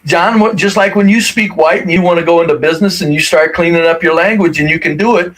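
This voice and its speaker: A man's voice: on the high side, fast talker, a bit bright. A man co-hosting a casual podcast chat, talking bluntly and profanely with firm opinions. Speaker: co-host. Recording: noisy audio.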